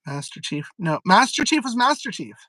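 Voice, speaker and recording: Giggly, rambling stream host. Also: male voice, high-pitched, big pitch swings, normal speed, sharp tone, no echo, low-quality recording. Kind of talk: casual live-stream chat.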